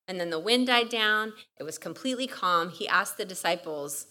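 A young woman from California giving a chatty, storytelling sermon at a women's retreat, full of "like" and quick asides. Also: medium pitch. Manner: chatty, animated, lots of "like". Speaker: retreat speaker.

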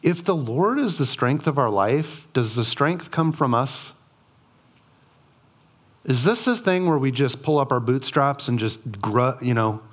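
Man, devotional Bible teaching, earnest, rhetorical questions, lively pitch. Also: measured pace.

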